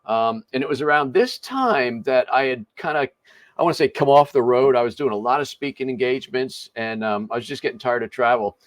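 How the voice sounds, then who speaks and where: A man's voice: medium pitch, animated, fairly quick, no echo. Chatty older man hosting a podcast. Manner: chatty, chuckling, self-interrupting. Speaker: podcast host. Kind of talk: casual interview storytelling.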